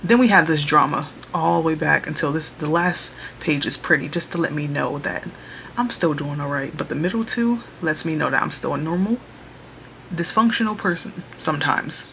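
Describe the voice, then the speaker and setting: A woman's voice: deep voice, normal speed, gravelly, fairly bright tone. A young woman in casual vlog chat from her small bedroom office, upbeat and chatty, saying y'all, recorded on a camera mic. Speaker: vlogger. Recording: music playing underneath.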